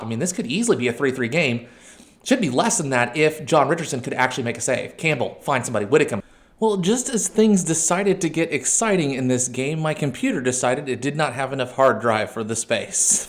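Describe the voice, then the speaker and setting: A man hosting a let's-play, commentating a match with excitable outbursts, shouting at his players and correcting himself. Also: mid-range voice. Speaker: video game channel host.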